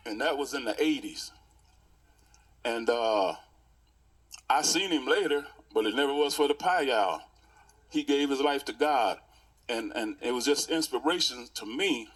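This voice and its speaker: A man in his sixties, a pastor, giving a heartfelt memorial tribute and reminiscing in stories with many pauses. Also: mid-range voice, slightly rough.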